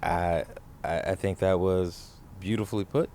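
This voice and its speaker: A man hosting a casual interview, relaxed and easygoing, often repeating his words. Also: deep voice, measured pace, a little hiss or hum. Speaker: host.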